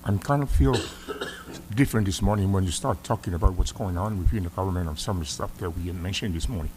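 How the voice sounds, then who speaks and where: A middle-aged man with a Samoan accent speaks as a senator in a legislative chamber, stern and emphatic as he scolds. His voice sits low, and a faint hum of noise runs under the recording. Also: quick pace, a little mellow. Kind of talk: formal hearing address.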